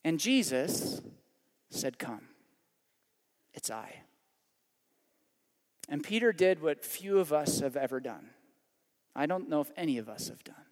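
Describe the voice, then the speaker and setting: A man, a pastor, telling a story dramatically in a sermon, with passages that swell and then fall to a hushed prayer. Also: on the high side, animated, normal speed, big-room sound.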